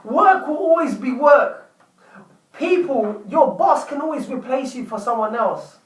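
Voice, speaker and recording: High-voiced guy telling a story on his vlog, repeats himself, echoey and kinda far from the mic. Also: animated, a little slow. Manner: chatty, repeats words while telling. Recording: roomy, distant from mic.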